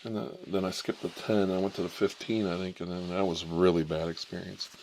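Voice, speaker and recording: A man from Ohio hosts a comic ASMR role-play in the part of an examining doctor. His voice sits low and gravelly, and he wanders from story to story in an irreverent, chatty way. A faint hiss runs under the recording. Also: little pitch movement, brisk, a little mellow. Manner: rambling, irreverent storyteller who digresses and laughs at his own jokes. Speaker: channel host playing an examining doctor. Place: indoors, smoking a cigarette.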